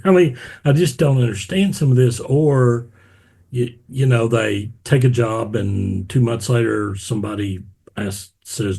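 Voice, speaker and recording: Husky man telling stories in an interview. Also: medium pitch, measured pace. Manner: animated storyteller, acts out quotes. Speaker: podcast host. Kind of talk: casual interview chat.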